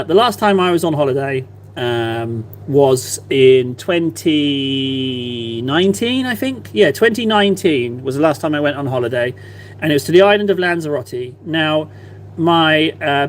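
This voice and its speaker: A man's voice: fairly high pitch, a little hiss or hum. A man in his thirties chatting casually on a live stream while he paints, rambling and self-deprecating.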